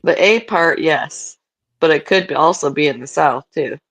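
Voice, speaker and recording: A man from the United States co-hosting a live chat, rambling with halting starts. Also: fairly high pitch, creaky, fairly bright tone. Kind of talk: casual chat.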